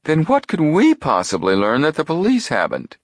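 A man voicing a hungry, complaining heavyset teenage boy, whiny and excitable in a raised voice. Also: a little high, moderate pace, no echo, voice pushed up. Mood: incredulous.

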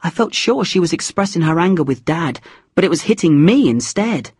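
A woman reading a chapter book aloud in a measured, expressive storytelling manner. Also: lowish voice, husky, no echo, clean studio sound. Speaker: audiobook reader. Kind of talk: scripted narration of a graded reader.

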